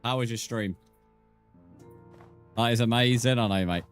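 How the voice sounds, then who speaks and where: A man's voice: medium pitch, unhurried, clean tone, faint music behind. A British man chatting casually with viewers during a live game stream, bantering and thanking followers. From Britain. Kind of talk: casual live-stream chat while gaming.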